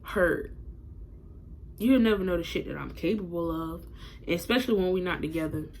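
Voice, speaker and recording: A woman's voice: fairly low pitch, normal speed, darkish tone, a little hiss or hum. A young woman telling a personal story to her viewers in a casual vlog, blunt and profane, talking straight to camera.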